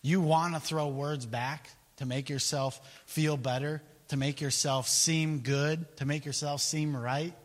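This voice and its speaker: Animated guy preaching, bit high voice, long hall reverb. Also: measured pace, few pauses. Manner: animated, storytelling, laughs often. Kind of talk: sermon.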